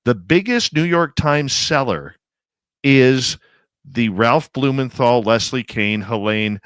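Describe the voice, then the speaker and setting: A man's voice: medium pitch, expressive, takes it slowly, a bit bright, no echo. A male radio host talks with opinionated emphasis in a middle register. His voice is dry and close, with no room around it. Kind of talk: casual radio interview chat.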